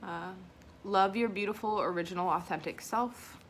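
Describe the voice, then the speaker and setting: A woman's voice: mid-range voice, moderate pace, slight background noise. A woman vlogging an unboxing at home, reading affirmation cards and talking in an emotional, self-conscious way, a bit teary from crying. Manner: emotional and self-conscious, soft and tearful at times.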